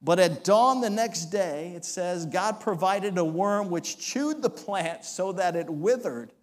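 A man's voice: high voice, measured pace. A male pastor preaching a sermon, acting out scripture voices with dramatic shifts. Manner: dramatic, acts out quoted voices.

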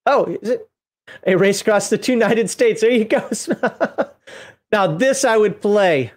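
A co-host in a relaxed chat who reads rulebook entries aloud and breaks off into laughs and jokes. The pitch sits in the middle, and the talk is easy and unhurried. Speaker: co-host reviewing a game book.

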